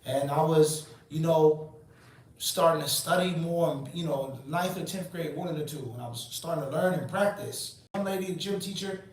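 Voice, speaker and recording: Speaking at a normal speed in a somewhat high voice, a man in his forties delivers an Islamic lecture in an emphatic, preachy manner. He asks rhetorical questions and then answers them, and the mic sits far off in a very echoey room.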